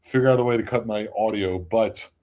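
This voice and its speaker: A man's voice: fairly low pitch, fairly quick, a little mellow, slight background noise. A man co-hosting a podcast in casual, profane chat, often breaking into cackling laughter. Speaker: podcast co-host.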